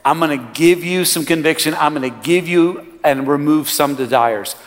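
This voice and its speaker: A male pastor preaching a sermon, swinging from loud rising lines to quiet low ones. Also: moderate pace. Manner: preaching with sudden loud rises and quiet drops. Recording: long hall reverb.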